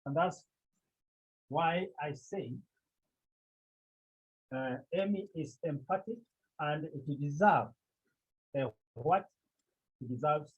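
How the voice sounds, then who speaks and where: Man as Greek teacher, slow and repetitive, husky voice, tinny call audio. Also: on the high side. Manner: slow, repetitive, with many pauses. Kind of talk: online language lesson. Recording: tinny phone-like line.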